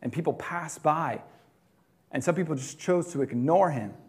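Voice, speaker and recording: A man preaching a sermon in a conversational way, swinging between loud emphatic lines and quiet, dropped ones. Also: a little high, moderate pace. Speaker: pastor.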